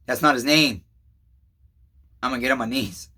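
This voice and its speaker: In an emotional, rambling vlog monologue, a middle-aged man who runs a chainsaw channel rants in a bright voice at normal speed. He lurches between shouted outbursts and low, weary confession, swearing constantly and calling his viewers neighbors.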